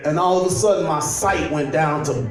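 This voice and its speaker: Young male stand-up comic, from Chicago, laid-back storyteller, high voice, roomy distant club audio. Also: normal speed, a crowd in the background. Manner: loose, storytelling, trash-talking, laughs at his own jokes. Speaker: stand-up comedian. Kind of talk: stand-up comedy set. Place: comedy club stage at a holiday party. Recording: echoey club audio from far off. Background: audience laughter.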